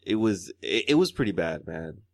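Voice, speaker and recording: A man co-hosting a podcast, telling stories in relaxed casual chat full of slang and swearing. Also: low voice, moderate pace, dry recording, clean studio sound. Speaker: podcast co-host.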